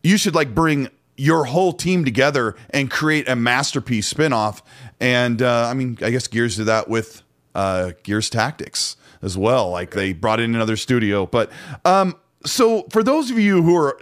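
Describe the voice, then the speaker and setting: A man's voice: medium pitch, moderate pace, a bit bright. Laid-back, rambling man hosting a podcast. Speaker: podcast host. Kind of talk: casual chat.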